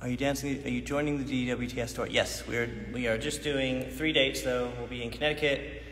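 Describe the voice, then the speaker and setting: A man's voice: medium pitch, fairly even intonation, fairly quick, fairly bright tone. A man in his thirties chatting casually on a phone livestream from a large dance studio, reading viewer questions and laughing often. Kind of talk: casual chat. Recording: echoey hall with faint noise.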